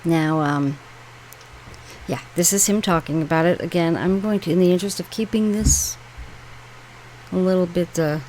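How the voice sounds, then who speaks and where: A woman's voice: fairly low pitch, normal speed, pauses often, a little mellow, a little hiss or hum, poor audio. A woman from New York hosting her own channel, reading online posts aloud and commenting on them in a rambling, conversational way. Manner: rambling, conversational, with frequent fillers and asides. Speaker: channel host.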